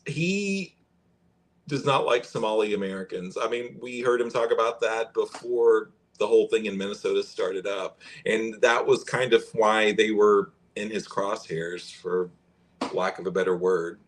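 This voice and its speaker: A man hosting a podcast, reading fact checks aloud and commenting in a conversational way. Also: lowish voice. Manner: conversational, pauses and restarts while reading aloud. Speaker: podcast host.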